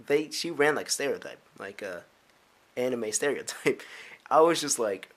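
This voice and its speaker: A man's voice: medium pitch, animated, normal speed. Rambling young guy, filler-heavy chat. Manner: rambling with many filler "like"s and restarts; giggly asides. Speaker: vlogger. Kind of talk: casual rambling vlog.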